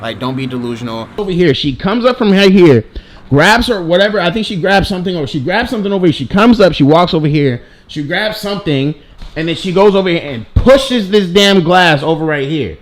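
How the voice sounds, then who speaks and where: Animated young man telling a story. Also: high-pitched, brisk. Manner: animated, full of fillers like you know what I'm saying. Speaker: vlogger. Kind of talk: storytime vlog.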